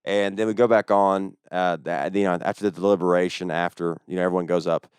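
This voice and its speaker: A young man, a stand-up comedian telling a story in casual chat, fast and full of swearing. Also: low voice, steady tone, clear, resonant tone, no echo. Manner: fast-talking, profane.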